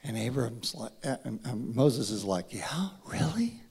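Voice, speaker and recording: A man preaching a sermon, acting out dialogue in a dramatic voice that drops to a hush and rises to a shout. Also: mid-range voice, normal speed, creaky, husky. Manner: dramatic, acts out voices, swings from hushed to shouting. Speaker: pastor.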